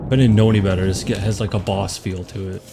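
A woman's voice: extremely low pitch, fairly even intonation, quick pace, noisy background. A woman co-hosting a casual let's play, giving laid-back, dry commentary on the game. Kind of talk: casual gameplay chat.

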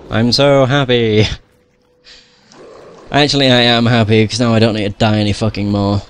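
A man's voice: mid-range voice, unhurried, long pauses, a little hiss or hum. A young man giving casual gameplay commentary, swearing a lot, grumbling at the game and laughing at himself. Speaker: gamer playing through a video game.

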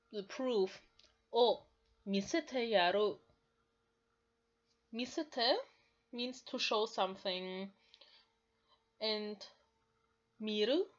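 Slow woman explaining Japanese. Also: medium pitch, a bit bright, dull audio. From Germany. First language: German. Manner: slow, careful explaining with frequent "like". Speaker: language learner teaching Japanese. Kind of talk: explaining manga lines.

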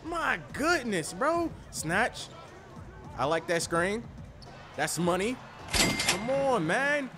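A man giving casual gameplay commentary, loud and excitable, trash-talking and swinging from mumbles to yells. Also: sits high, slow, long pauses, soft background music. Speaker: gaming streamer.

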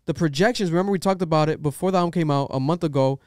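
Brief: young male podcast host, opinionated rambling rants, smooth clear voice, dry close sound. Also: fairly high pitch, very fast, darkish tone, no room sound. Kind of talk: casual podcast chat.

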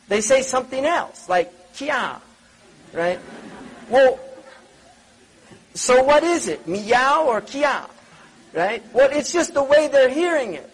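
Male religious lecturer, very high voice with a breathy edge, chatty and digressive, keeps asking the audience questions. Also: a bit bright, low-quality recording. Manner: conversational, digressive, frequent rhetorical questions. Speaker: Islamic scholar lecturing.

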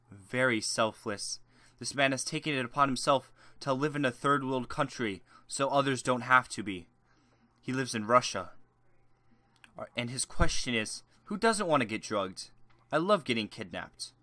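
A man's voice: medium pitch, dry recording. A young man doing a crude, rambling joke Q&A as a YouTuber, swinging from ranting to mumbling. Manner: crude, rambling, shifts between shouting rants and mumbling. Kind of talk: joke Q&A monologue.

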